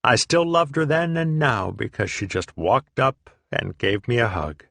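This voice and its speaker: A man's voice: mid-range voice, lively intonation, a little slow, creaky, fairly bright tone, no room sound. A man reading a first-person memoir aloud in a profane, sardonic, self-deprecating way. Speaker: audiobook reader.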